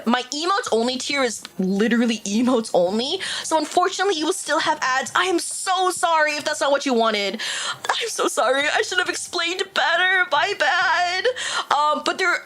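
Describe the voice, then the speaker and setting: Young woman, livestream chat, high bright-sounding pitch, very lively swoops, chatty, swears. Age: young adult. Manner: animated and chatty, swears a lot, laughs often. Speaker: streamer.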